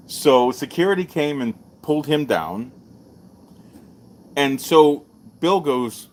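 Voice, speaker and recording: A middle-aged man, hosting a live-streamed martial arts show and telling stories in a loose, animated way. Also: slow. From Texas. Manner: animated storyteller, jumps up in pitch for quoted voices. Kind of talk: casual storytelling to a live stream.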